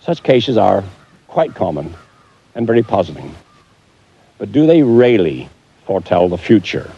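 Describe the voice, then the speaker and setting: Low dark-voiced male presenter. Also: big pitch swings, normal speed, dull audio, slight background noise. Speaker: documentary presenter. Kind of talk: scripted documentary narration.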